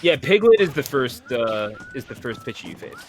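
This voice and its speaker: A man commentating an online video game tournament play-by-play, excitable and joking, laughing often. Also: mid-range voice, normal speed. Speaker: esports commentator.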